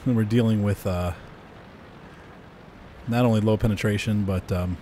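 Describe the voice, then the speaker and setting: A man giving casual gameplay commentary in a relaxed, chuckling manner. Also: lowish voice, normal speed, a little hiss or hum. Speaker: game commentator.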